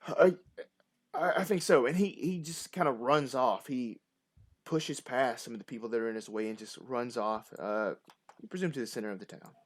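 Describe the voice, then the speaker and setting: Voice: mid-range voice, moderate pace. A game master running a tabletop horror game, describing scenes with lots of laughter and energy.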